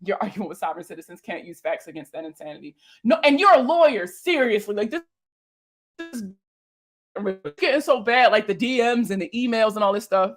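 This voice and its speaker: A woman's voice: medium pitch, lively intonation, fairly quick. A young woman, a finance creator, reacting to viewer comments in casual talk, blunt and exasperated, swearing and firing off rhetorical questions.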